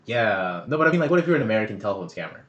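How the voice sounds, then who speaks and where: A man's voice: on the low side, big pitch swings, very fast, fairly bright tone, highs cut off. A man in casual chat, laid-back and asking skeptical questions as a podcast co-host.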